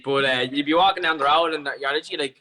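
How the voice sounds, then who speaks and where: A man's voice: a little high, steady tone, racing, pushed and bright, rough recording. An Irish man on a podcast as a guest, telling a long story in casual chat, rambling with plenty of swearing and restarts.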